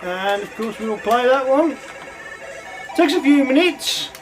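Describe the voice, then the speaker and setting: A man's voice: very high voice, animated, a little slow, over music. A man casually chatting while playing and reviewing old computer games, rambling with lots of ums and uhs. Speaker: retro game reviewer. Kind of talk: casual gameplay commentary.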